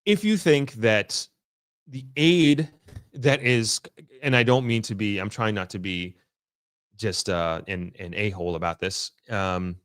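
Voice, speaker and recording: Speaking to camera from the area he's reporting on, a man offers an unscripted, casual update, frequently halting and restarting to choose his words with care. His voice is on the low side, a bit bright, clear and resonant, at a measured pace; the sound is clean studio quality with no room sound.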